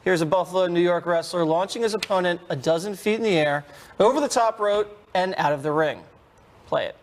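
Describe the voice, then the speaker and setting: A man's voice: sits high, a little fast. A man hosting a talk panel, wry and moving the segments along. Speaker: host.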